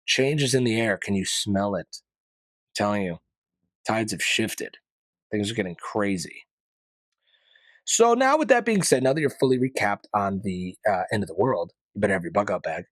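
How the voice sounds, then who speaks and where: This man hosts a laid-back podcast on the news, his lowish voice lively and his pace moderate, with no echo. His talk rambles through current events, full of opinionated asides, slang, and mild profanity.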